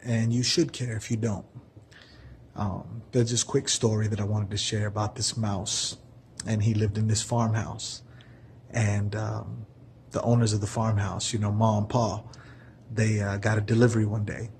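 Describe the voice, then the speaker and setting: A man's voice: on the low side, level tone, moderate pace, slight background noise. A man telling a story in a casual, earnest way, keeping his voice down, with many fillers. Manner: soft-spoken, keeping voice down. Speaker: vlogger telling a parable.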